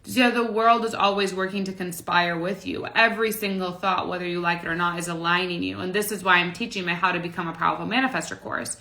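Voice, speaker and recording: A woman in her late twenties coaches on manifestation in a loose, rambling monologue. Her voice sits a little low but rings bright and forceful. She circles back on her own phrases and leans on "like" as she talks. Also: steady tone, fast, hardly any pauses. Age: late 20s. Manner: rambling, repeats phrases, heavy use of "like". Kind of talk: casual motivational talk to camera.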